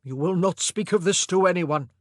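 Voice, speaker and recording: A woman's voice: on the low side, expressive, moderate pace, slightly rough, dry recording, studio quality. A woman voicing a proud, commanding middle-aged Tudor king with a stern delivery.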